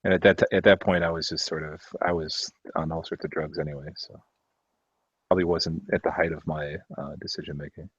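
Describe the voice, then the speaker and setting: A man's voice: a bass voice, flat delivery, fairly quick, breathy edge, dry recording. A man telling a personal story in casual chat, hesitant, with many restarts and offhand swearing. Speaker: discussion participant. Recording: dull, muffled mic.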